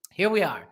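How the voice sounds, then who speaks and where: A woman's voice: medium pitch, creaky, a bit bright. A woman hosting a casual live stream, playful and laughing often as she exclaims. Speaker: host.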